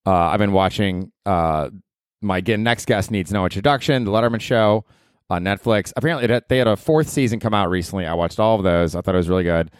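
A man's voice: deep voice, quick pace, clean tone, no room sound, studio quality. A comedian in his forties hosting a casual solo podcast from his apartment, rambling, swearing freely and poking fun at himself. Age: 40s. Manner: rambling, profane, self-deprecating.

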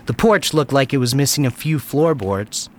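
Animated man narrating a story. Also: mid-range voice, normal speed. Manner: lively, wry storyteller. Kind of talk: first-person story narration.

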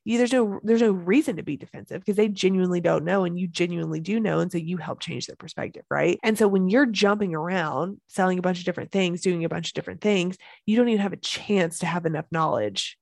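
A woman's voice: fairly low pitch, quick pace, creaky, hardly any pauses, darkish tone, no echo. A woman hosting a solo podcast as a business coach, talking with energy and emphasis and repeating key phrases.

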